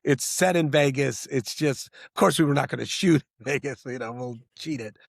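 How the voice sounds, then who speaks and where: A middle-aged man, a screenwriter and director, talking in an interview in an animated, rambling way with many restarts. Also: medium pitch, normal speed, gravelly, no echo, studio quality. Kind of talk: interview conversation.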